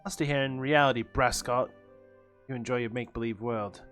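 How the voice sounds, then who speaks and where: A man's voice: medium pitch, fairly even intonation, brisk, fairly bright tone, faint music behind, voice pushed down, natural voice. A man reading game dialogue aloud as a scornful, dismissive young male rival student.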